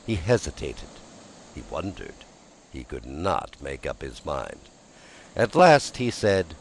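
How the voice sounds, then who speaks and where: Man, audiobook narrator, very low voice, lively intonation, faint hiss. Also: slow, breathy edge, poor audio. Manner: expressive, lively storytelling.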